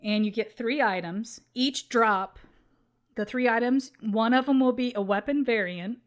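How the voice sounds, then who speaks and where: Young woman cohosting a gaming podcast, kinda high voice, laughs a lot. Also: measured pace, dull audio. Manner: chatty, laughs often. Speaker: podcast co-host. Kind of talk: casual gaming podcast chat.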